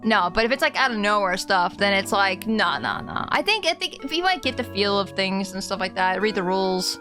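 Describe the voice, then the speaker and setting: A woman's voice: medium pitch, lively intonation, brisk. A woman streamer in casual live chat with her viewers. She talks in a chatty, openly emotional way, straight to her chat. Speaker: game streamer. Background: faint game music.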